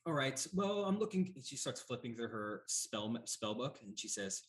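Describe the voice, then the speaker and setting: A man running a tabletop game as game master, narrating in a measured, unhurried way with frequent pauses. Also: medium pitch, big pitch swings.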